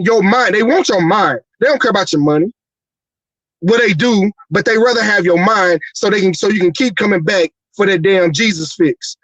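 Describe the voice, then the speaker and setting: A man's voice: sits high, fairly bright tone, dry recording, poor audio. A man hosting a livestream talk show, ranting with profane, heated rhetorical questions. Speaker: show host.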